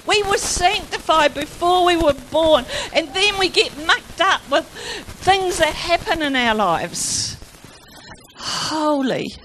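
A woman with a high voice gives a Christian testimony at an unhurried pace. She tells her stories fervently and acts out what others said along the way. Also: a little hiss or hum. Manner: fervent, animated storytelling with acted-out quotes. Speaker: Christian speaker.

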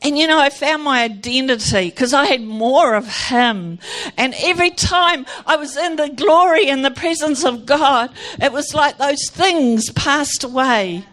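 A woman with a high voice gives a Christian testimony at an unhurried pace. She tells her stories fervently and acts out what others said along the way. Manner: fervent, animated storytelling with acted-out quotes. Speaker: Christian speaker.

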